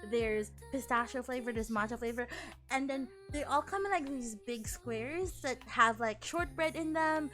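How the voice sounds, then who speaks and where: A woman from the Philippines, a VTuber streamer chatting casually with her chat, animated and laughing often, with casual swearing. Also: on the high side, normal speed, faint music behind.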